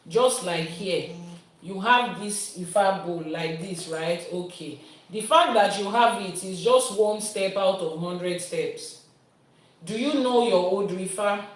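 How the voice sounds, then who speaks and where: A woman, a priestess teaching and answering viewers' questions with everyday comparisons. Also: mid-range voice. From Nigeria. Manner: explains with everyday comparisons, lively teacherly delivery. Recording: roomy sound from a distant mic.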